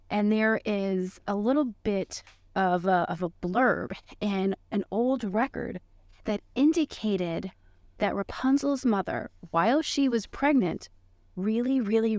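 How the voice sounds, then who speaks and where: A woman's voice: medium pitch, no room sound. Lady deadpanning a fake case file over a call, plain mid voice, dry sound. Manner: mock-serious, deadpan case telling. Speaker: podcast co-host presenting a case. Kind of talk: casual podcast chat.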